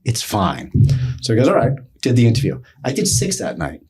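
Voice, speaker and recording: A middle-aged man, telling a story as a podcast guest, animated and acting out other people's lines. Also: mid-range voice, a little fast, vocal fry, breathy edge. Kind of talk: storytelling in casual talk.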